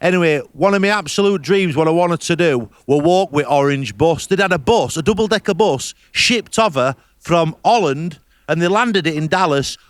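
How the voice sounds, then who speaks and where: A man's slightly high, animated voice comes through a remote call at a moderate pace, yet the sound is dry and studio-clean. Playing a podcast host reporting from abroad, he spins comic travel tales in a brash, boastful style full of swearing.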